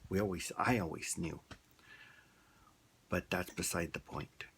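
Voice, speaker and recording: Slow, gravelly low-voiced man ranting. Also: a bit bright, slight background noise. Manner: ranting, blunt, rambling. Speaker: vlogger. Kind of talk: casual opinion monologue.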